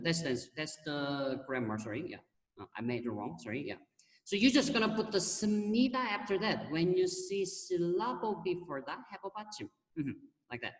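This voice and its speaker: A Korean-accented teacher explains grammar over a video call, patiently repeating words and filling pauses with soft "mm-hmm"s. The voice sits away from the microphone in a roomy space with a long, lingering echo. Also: medium pitch. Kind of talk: online class explanation. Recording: echoey room heard from far off.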